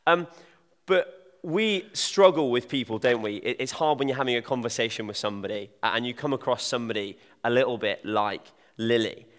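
Chatty preacher from in a reverberant hall. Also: male voice, medium pitch, a little fast, fairly bright tone. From Devon, England. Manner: chatty, jokey, addresses audience directly. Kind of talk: informal sermon.

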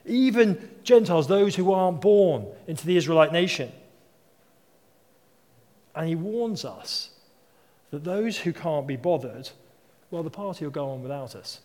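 A man's voice: a little high, expressive, measured pace, long pauses, a little mellow. A man in his thirties or forties preaching a sermon, telling stories in a conversational way and asking rhetorical questions. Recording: long hall reverb.

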